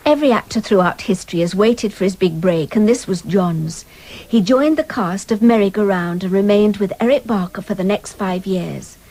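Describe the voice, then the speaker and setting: Mellow woman narrating a radio tribute. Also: mid-range voice, normal speed, slight background noise, low-quality recording. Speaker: presenter.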